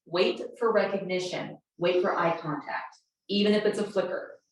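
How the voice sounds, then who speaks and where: A woman's voice: lowish voice, fairly even intonation, normal speed. A woman presenting a teaching workshop for educators, speaking directly and acting out sample conversations with students. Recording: very echoey room, voice distant from mic.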